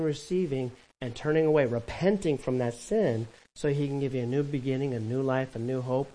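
Guy preaching a sermon, lively and chatty, mid pitch, throws in quick asides. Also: poor audio. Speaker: pastor.

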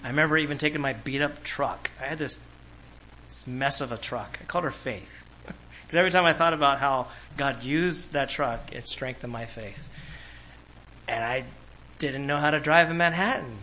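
Pastor from California, bright, forceful voice, animated storyteller. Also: male voice, medium pitch, normal speed, slight background noise, low-quality recording. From Orange County, California. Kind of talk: sermon.

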